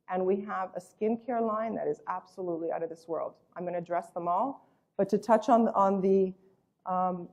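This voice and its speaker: Enthusiastic woman giving a sales pitch. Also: darkish tone. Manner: emphatic, enthusiastic pitch with repeated superlatives; acts out quoted voices in storytelling. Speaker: network marketing presenter. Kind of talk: sales presentation.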